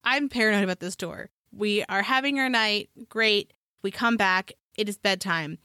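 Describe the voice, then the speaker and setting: Woman, casual chat, rambling storyteller, very bright tone. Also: medium pitch, normal speed, dry recording, studio quality. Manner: animated rambling storyteller, filler-heavy, laughs often. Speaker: podcast co-host.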